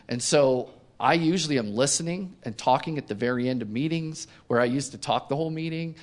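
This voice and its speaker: A man as an interview guest, telling a self-mocking personal story in casual conversation with lively delivery. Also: medium pitch, brisk. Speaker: company co-founder, interview guest.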